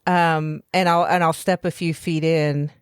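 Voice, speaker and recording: A woman playing a tabletop game, thinking aloud about her character's actions in a casual, halting way. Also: deep voice, little pitch movement, clear, resonant tone, dry recording, studio quality. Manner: thinks aloud, many fillers and restarts. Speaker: player.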